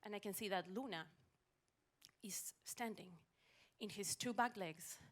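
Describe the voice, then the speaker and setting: A woman telling a funny personal story on stage at a live storytelling event, animated with wry timing, into a stage mic. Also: medium pitch, measured pace.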